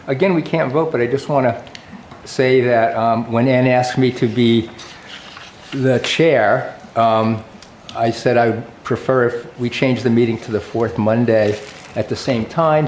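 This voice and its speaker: A man chairing a town committee meeting, relaxed and halting, with many pauses and fillers. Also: mid-range voice. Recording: echoey meeting room with faint noise.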